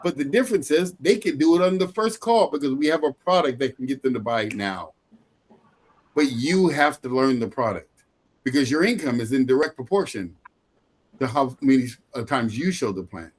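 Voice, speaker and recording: A man's voice: mid-range voice, animated, normal speed. A middle-aged man giving a motivational sales training talk, emphatic and repetitive, often breaking into laughter.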